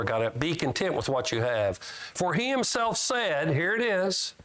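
A male preacher with a slightly high, sing-song voice delivers a folksy sermon at an unhurried pace, his tone a little bright. He reads scripture aloud with rising emphasis and asks the congregation questions.

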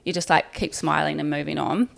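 A woman's voice: sits low, fairly even intonation, a little fast, vocal fry, a bit bright. A woman, co-hosting a podcast in casual chat, talking with many fillers and frequent laughs. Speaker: podcast co-host.

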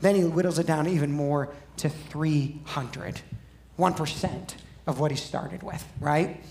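A male pastor preaches in a relaxed, conversational way, often asking his listeners questions. His voice has a gravelly edge. The sound is roomy and echoey, as in a church. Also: fairly high pitch, unhurried, slight background noise. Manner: conversational, asks the audience questions. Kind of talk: sermon.

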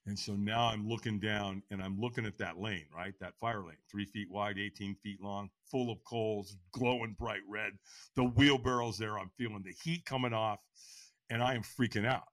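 A man's voice: lowish voice, steady tone, normal speed, fairly bright tone, no echo. A middle-aged man telling a personal story as a podcast guest, acting out other people's lines in a raised voice and laughing often. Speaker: podcast guest, firewalk instructor. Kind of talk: animated storytelling.

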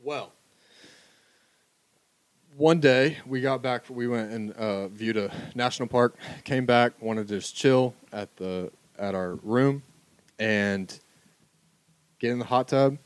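A man telling a funny story in a casual chat, animated and laughing often. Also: medium pitch, slow, pauses often, clean tone, no echo.

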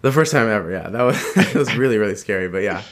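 A lowish, expressive male voice moves at a quick pace as he tells a personal story in an easygoing chat. He meanders with many restarts, laughs often, and imitates the voices of people he quotes.

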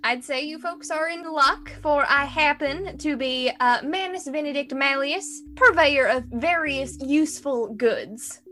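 A woman voicing a lanky middle-aged male trader with a Southern accent and a smooth salesman patter. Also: high voice, a little slow, hardly any pauses, sharp tone, faint music behind. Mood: coaxing sales pitch. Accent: American Southern.

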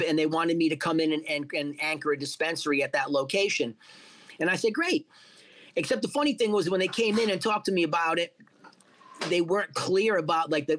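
A middle-aged man telling a story in a casual interview, swearing freely and acting out what people said to him. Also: fairly high pitch. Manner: profane, animated storyteller acting out quotes. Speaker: guest, cannabis entrepreneur.

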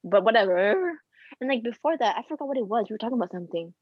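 A woman's voice: fairly high pitch, lively intonation, rapid-fire, dry recording. Chatty young woman, dull lo-fi sound. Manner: chatty, swears a lot, acts out quotes. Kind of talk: casual chat.

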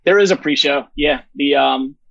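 A man's voice: a little high, moderate pace, vocal fry, fairly bright tone, dry recording, highs cut off. Profane blunt festival organizer man. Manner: profane, blunt, rambling with fillers. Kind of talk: casual interview chat.

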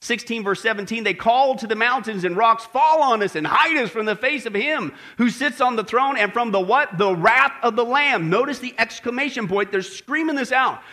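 A man's voice: extremely high pitch, normal speed, hardly any pauses, bright, forceful tone. A man preaching as pastor, emphatic and talking straight to the congregation with frequent asides. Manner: emphatic, addresses folks with frequent okay and right. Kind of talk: sermon.

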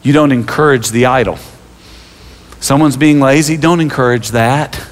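A man's voice: mid-range voice, moderate pace. A man preaching a sermon as pastor, telling personal stories with self-deprecating humor and stumbling restarts. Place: church sanctuary. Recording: long reverb of a large hall.

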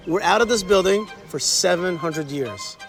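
High-voiced man guiding a history tour. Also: moderate pace, music in the background. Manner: animated, quizzes his listeners. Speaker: tour guide. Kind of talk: history lesson told on a tour. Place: outdoors at a historic site.

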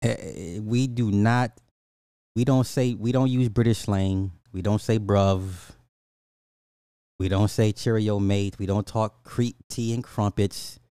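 Ranting American man with a dark voice. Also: fairly low pitch, steady tone, slow, no echo, clean studio sound. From United States. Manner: incredulous, repetitive, mocking. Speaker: commentary host. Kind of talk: ranting reaction commentary.

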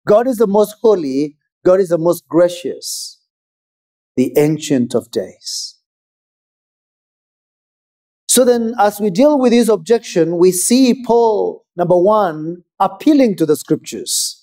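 Slow, mellow-voiced male preacher. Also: high voice, animated. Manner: measured, emphatic preaching with pauses. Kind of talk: sermon.

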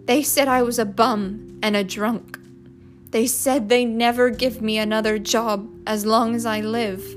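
Woman reader doing a crying dad, loud and anguished, storybook reading with music bed. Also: a little high, slow pace. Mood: sobbing. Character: despairing middle-aged father, drunk, sobbing.

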